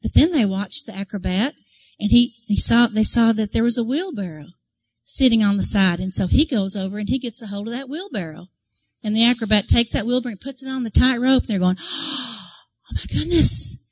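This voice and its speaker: A woman's voice: on the high side, a little fast, poor audio. A woman giving a devotional talk to a church group, telling a story earnestly and acting out the crowd's reactions. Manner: earnest, conversational, asks the audience questions. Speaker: women's ministry speaker.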